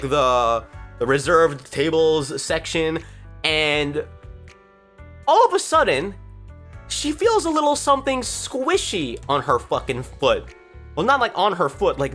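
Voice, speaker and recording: Woman vlogger, lowish voice with lively swings, rambling and profane storytime rant. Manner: swearing, rambling, exasperated outbursts.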